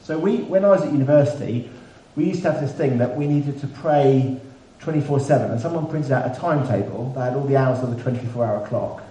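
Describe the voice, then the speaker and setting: A man preaching a sermon in a relaxed, conversational way with dry humour. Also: mid-range voice, a little fast, hardly any pauses. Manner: conversational, self-deprecating humour. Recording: echoey room, mic at a distance, faint background hiss.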